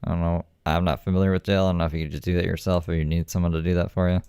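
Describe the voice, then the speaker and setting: Deep-voiced man with sarcastic commentary. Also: little pitch movement, racing, warm tone, clean tone. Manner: sarcastic, skeptical, offhand. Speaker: commentary streamer. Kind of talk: casual commentary.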